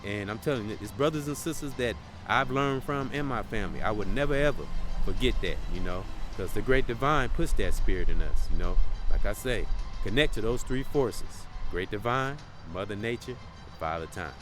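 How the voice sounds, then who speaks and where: Low-voiced man giving outdoor motivational talk. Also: lively intonation, normal speed, music in the background, poor audio. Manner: preachy, repeats phrases, says "real talk" and "salute". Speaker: motivational podcast host. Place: outdoors in windy nature.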